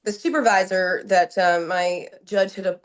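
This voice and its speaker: A woman from New Jersey speaks as a podcast guest, pouring out her story in an urgent, emotional rush. She stumbles and restarts often, repeats words for emphasis and slips into quoted back-and-forth. Her pitch sits in a middle range for a woman. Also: moderate pace. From New Jersey, USA. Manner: urgent, animated retelling with many restarts and quoted dialogue.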